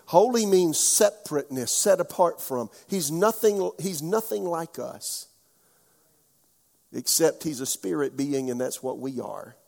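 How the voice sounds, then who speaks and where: A man's voice: on the high side, expressive, unhurried, gravelly, a little mellow, long reverb tail. A man, a pastor from South Carolina preaching a sermon with folksy storytelling and questions to the congregation. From South Carolina, USA.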